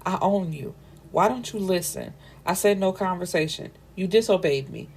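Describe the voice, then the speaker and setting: A woman's voice: lowish voice, lively intonation, normal speed, gravelly, darkish tone, breathy edge, full character voice. A woman reading the lines of a controlling, possessive young man who gives blunt, slangy commands.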